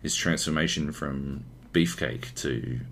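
A man's voice: extremely low pitch, slow, vocal fry, slight background noise. An Australian man from Queensland co-hosting a podcast in casual chat, often swearing and ranting. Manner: swears a lot, animated ranting. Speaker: podcast co-host.

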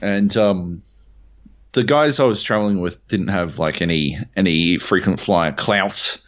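A man, co-hosting a podcast, telling a travel story in an animated way and swearing often while jet lagged. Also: low-pitched, a little slow. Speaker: podcast co-host. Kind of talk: casual chat. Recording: dull lo-fi audio.

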